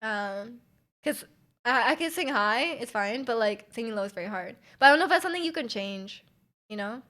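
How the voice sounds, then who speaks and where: Chatty woman streamer, slightly high voice. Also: brisk. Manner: chatty, many fillers, reads chat aloud; loud and energetic, volume jumps around. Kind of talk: casual live-stream chat.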